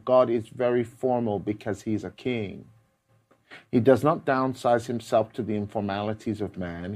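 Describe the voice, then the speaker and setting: A man preaching a sermon, fervent and emphatic, repeating key words for effect and moving between loud passages and quiet, measured ones. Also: on the low side.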